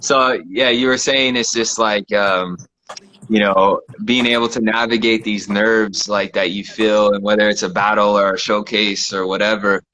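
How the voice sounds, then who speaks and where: A man hosting a casual chat from his living room, relaxed and laughing often, with lots of fillers. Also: lowish voice, normal speed, a little hiss or hum, low-quality recording. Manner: laid-back, laughs often, many fillers. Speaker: host.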